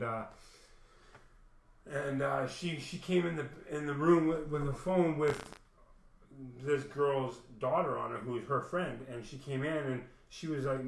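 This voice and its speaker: A man telling a personal story in a rambling, profane casual monologue, full of "man". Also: medium pitch. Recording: echoey room.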